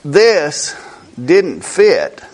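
A man preaching a sermon slowly and emphatically, repeating key words for effect. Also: a little high, huge pitch swings, darkish tone.

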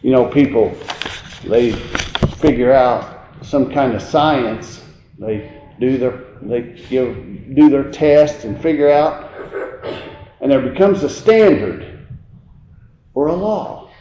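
A man preaching a sermon, moving between quiet reflective passages and raised, emphatic preaching. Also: medium pitch, expressive, slow, pauses often, noisy background. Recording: dull, roomy sound with faint ambience.

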